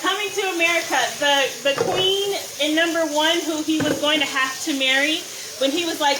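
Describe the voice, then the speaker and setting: A woman's voice: sits high, a little fast, reverberant, noisy background. A woman hosting a live cook-along, chatting with viewers and greeting them by name while she cooks, recorded on a phone in a kitchen. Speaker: cooking show host.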